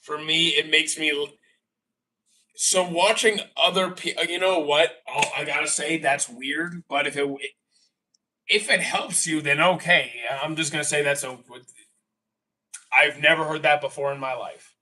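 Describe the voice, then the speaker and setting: A man's voice: on the high side, steady tone, unhurried, pushed and bright, far from the mic. A young Canadian man chatting casually on a live stream, rambling and correcting himself mid-sentence with exasperated asides. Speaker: streamer answering chat.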